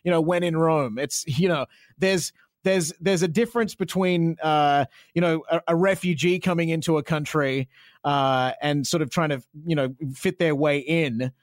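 A man's voice: a little high, fairly even intonation, normal speed, dry recording, clean studio sound. A man in his thirties with an Australian accent, a radio presenter talking frankly as an interview guest, full of restarts. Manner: chatty, frank, many restarts and fillers. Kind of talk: casual interview chat.

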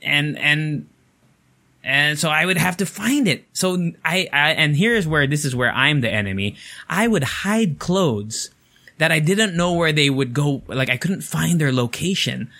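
A man's voice: on the high side, expressive, unhurried, pushed and bright. A young man, telling a story in casual, rambling talk full of swearing and fillers.

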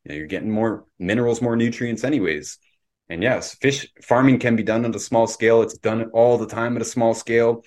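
A man's voice: mid-range voice, fairly quick, darkish tone. A man from Canada hosting a casual podcast discussion, opinionated and lecturing in tone. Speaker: podcast host.

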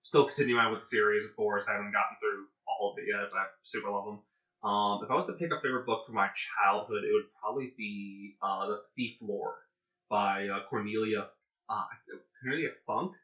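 Podcast co-host, man, enthusiastic casual talk, low sharp voice, echoey room. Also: steady tone, a little fast. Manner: enthusiastic, storytelling. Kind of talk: casual chat. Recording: echoey room, dull lo-fi sound.

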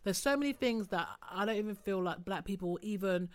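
A woman's voice: medium pitch, a little fast. A woman from the UK talking casually and animatedly, swearing and acting out arguments. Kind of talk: casual discussion.

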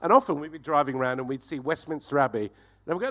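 A man, telling a profane, animated anecdote and laughing through it as a comedy guest. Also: fairly high pitch, fast. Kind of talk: anecdotal storytelling.

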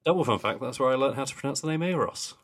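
A young man co-hosting a podcast chats casually in a rapid-fire, mid-range voice, laughing along the way and letting words trail off into mumbles.

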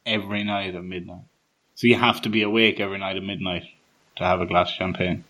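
A man's voice: low-pitched, fairly even intonation, quick pace, bright, forceful tone, rough recording. A man co-hosting a podcast, chiming in with wry remarks in a casual chat. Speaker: podcast co-host.

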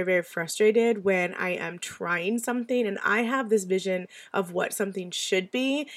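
Podcast host, woman, mid-pitched, hoarse and stuffy, casual and confiding delivery. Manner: chatty, self-deprecating, confiding. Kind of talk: casual solo podcast talk. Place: home in the US Southwest.

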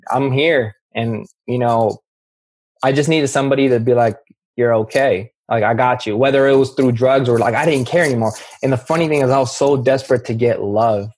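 A man with a husky, slightly rough voice tells his own story in an unscripted way. He is emphatic and keeps restarting his sentences, dropping "bro" as he goes. His pitch sits in the middle for a man. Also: brisk, darkish tone. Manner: emphatic, says "bro" often, many restarts. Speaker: guest sharing his recovery story. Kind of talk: candid personal storytelling.

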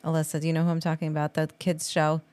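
Woman co-host, lowish pitch, close dry mic, supportive, quick reactions. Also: completely flat delivery, a little mellow, no room sound. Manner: supportive, chiming in with short reactions. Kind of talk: casual chat.

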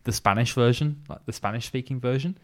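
Young man with a light Birmingham accent. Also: medium pitch. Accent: light Birmingham English. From Birmingham, England. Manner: chatty, self-deprecating, halting restarts. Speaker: podcast co-host. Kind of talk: casual chat.

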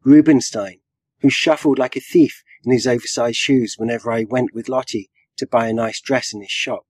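A man, a writer, reading his own flash fiction aloud in a measured storytelling way with a dry wit. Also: medium pitch, steady tone, no room sound. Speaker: writer and guest.

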